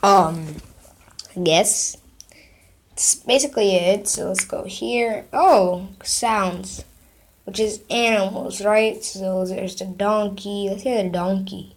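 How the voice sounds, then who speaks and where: A woman's voice: medium pitch, fairly even intonation, takes it slowly. A woman vlogger in casual chat, playing sound effects from an app and reacting with giggly, playful commentary.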